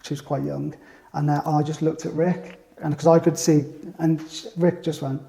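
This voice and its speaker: A man, a business owner telling lively stories in casual chat and acting out other people's voices. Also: fairly high pitch, normal speed, creaky. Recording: echoey room.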